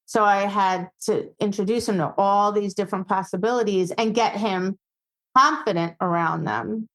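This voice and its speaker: A woman dog obedience trainer, a guest on a casual podcast, telling animated stories and acting out quoted voices. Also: medium pitch, normal speed, low-quality recording.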